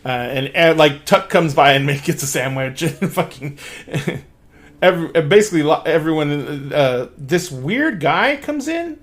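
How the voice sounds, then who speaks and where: A man's voice: fairly high pitch, lively intonation, a little slow. A man narrating as game master of a tabletop game, casual and laughing, swearing freely.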